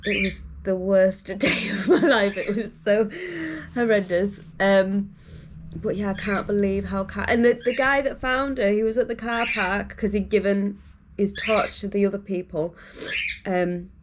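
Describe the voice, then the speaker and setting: A woman's voice: mid-range voice, steady tone, a little slow, noisy background. A young woman telling a long story to camera in a rambling, casual way, full of fillers. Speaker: vlogger.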